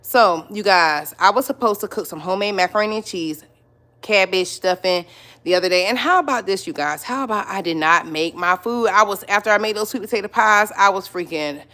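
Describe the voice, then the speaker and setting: A woman's voice: mid-range voice, brisk, sharp tone. A middle-aged woman hosting her own livestream, chatting casually with viewers, greeting them by name and repeating her points. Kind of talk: casual live-stream chat.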